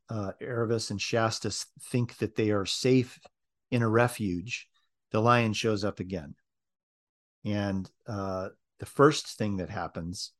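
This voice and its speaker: A man preaching in a reflective way, reading from a book aloud and pausing with ums and uhs. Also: fairly low pitch. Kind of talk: sermon with read-aloud passages.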